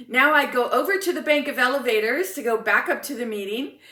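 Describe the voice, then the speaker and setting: A woman motivational speaker telling a personal story in an animated, enthusiastic way. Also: high voice, brisk, reverberant, far from the mic.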